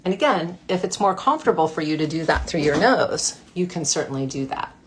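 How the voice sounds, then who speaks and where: A woman coach guiding a breathwork practice in a gentle, playful way. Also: low-pitched, expressive, fairly quick, a little hiss or hum. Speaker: mindfulness coach. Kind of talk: guided breathwork instruction.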